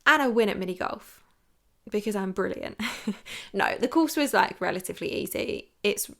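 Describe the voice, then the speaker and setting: A woman's voice: medium pitch, lively intonation, moderate pace, creaky, a bit bright. A young woman hosting a podcast, telling a dating story in a frank, chatty way with lots of "like". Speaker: podcast host. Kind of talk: storytelling chat.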